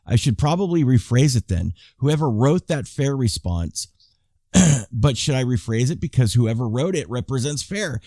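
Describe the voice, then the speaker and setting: Man, 50s, YouTube commentator; rambling, self-correcting delivery, mid pitch, dry room. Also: lively intonation, normal speed, mellow, no echo. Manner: rambling, with frequent restarts and asides to viewers. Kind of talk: casual commentary reading viewer emails.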